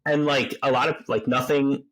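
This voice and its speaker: A man's voice: mid-range voice, flat delivery, moderate pace, fairly bright tone, rough recording. A man hosting a podcast interview, reflective and sympathetic, often restarting his sentences. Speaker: podcast host. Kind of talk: interview conversation.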